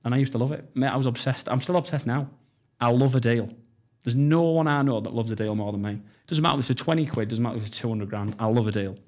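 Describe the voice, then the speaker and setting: He's a fast talker with a mid-range, darkish voice: a man in his thirties with a North East English accent, originally from North East England. Guesting on a podcast for a casual storytelling interview, he tells his story bluntly and eagerly, swearing freely.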